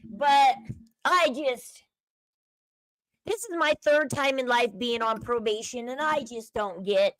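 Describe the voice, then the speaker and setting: On the high side and fairly bright in tone, this woman takes it slowly as she hosts a casual livestream. She reads chat aloud, chats with viewers, and shares her opinions. The low-quality recording has no room sound.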